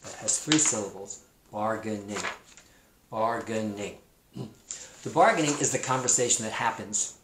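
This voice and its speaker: A man with a Pacific Northwest American accent teaching a kindergarten-level lesson, slowly repeating new words so young children will remember them. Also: medium pitch, expressive, echoey room, noisy background.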